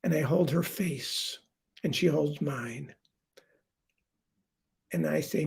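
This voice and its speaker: An older man telling a heartfelt first-person story on stage, confiding and dropping to a hush for quoted lines. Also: a little high, slow pace, gravelly, long pauses, breathy edge.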